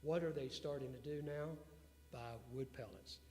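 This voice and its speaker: A man telling lively anecdotes to a live audience and tossing questions out to the room. His voice sits in the middle range and carries a long hall reverb. A faint hum runs underneath. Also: mid-range voice, normal speed. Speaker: interview guest, businessman. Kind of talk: storytelling talk to an audience.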